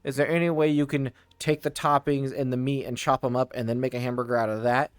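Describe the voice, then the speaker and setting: A polite older woman customer with dentures asks for her order to be changed, voiced plainly by a man retelling the story. The voice stays at an ordinary middle pitch and sounds dry and close. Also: steady tone, fast talker, clean tone, dry recording, natural voice. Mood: asking politely.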